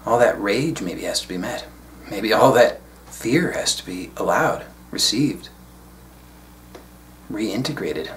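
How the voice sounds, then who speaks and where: Male spiritual teacher, lowish voice, reflective unhurried solo talk, faint hum behind. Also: lively intonation, a bit bright. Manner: reflective, unhurried, casual asides.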